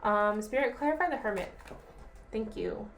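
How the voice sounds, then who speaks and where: A young woman casually reads tarot to camera for her viewers, speaking at an ordinary pitch and moderate pace. Chatty and reassuring, she repeats herself and keeps checking in with a friendly "okay?"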